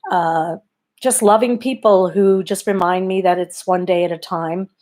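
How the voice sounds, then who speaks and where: A comic storyteller from Canada, telling a bedtime story in a wry, conversational, self-deprecating way. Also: female voice, lowish voice, fairly even intonation, measured pace, a little mellow.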